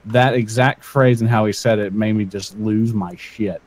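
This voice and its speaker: A man's voice: on the low side, steady tone, moderate pace, darkish tone, dry recording. A young man co-hosting a casual livestream, telling rambling anecdotes full of swearing and hesitations. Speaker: livestream co-host.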